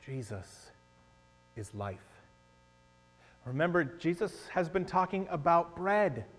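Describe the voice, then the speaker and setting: A man preaches to his congregation in a church sanctuary, his voice sitting high for a man. He swings between loud, emphatic declarations and hushed, confiding asides. The sound carries the long reverb of a large hall, with a faint electrical hum underneath. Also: very animated, takes it slowly. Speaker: pastor. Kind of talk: sermon.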